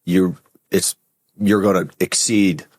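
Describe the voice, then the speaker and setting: A man speaking as a podcast guest in a very deep voice, casual and easygoing, often tagging his points with "right?". The sound is dry and close to the mic. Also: steady tone, takes it slowly, slightly rough, no room sound. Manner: casual, frequent "right?" and "like" fillers. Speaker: podcast guest, company founder. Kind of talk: conversational interview.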